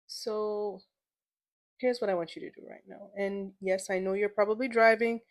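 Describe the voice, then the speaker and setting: A woman's voice: mid-range voice, fairly even intonation, moderate pace. Young woman, solo podcast host; casual, emotional, playful, lots of repeated words.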